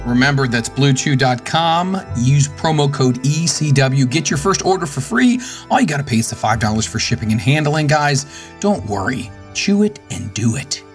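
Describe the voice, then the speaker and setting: A man's voice: mid-range voice, lively intonation, moderate pace, soft background music. A man co-hosting a podcast in casual chat, often flustered and cursing. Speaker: podcast co-host.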